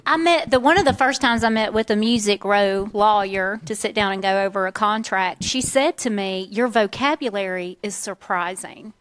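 A woman's voice: medium pitch, normal speed, hardly any pauses, clean tone. A woman from central Florida with a Southern accent, a singer chatting as an interview guest and laughing often. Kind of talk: casual interview chat.

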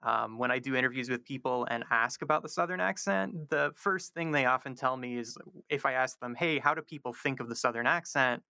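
A man's voice: mid-range voice, a little fast, vocal fry, hardly any pauses, sharp tone, clean tone, no echo. A man from the American South, a linguistics professor, answering radio interview questions thoughtfully with many fillers and restarts. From American South, North Carolina.

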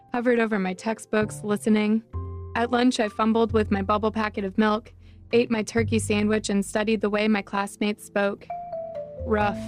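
A woman from North Carolina reading her personal essay in a deliberate, reflective way. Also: mid-range voice.

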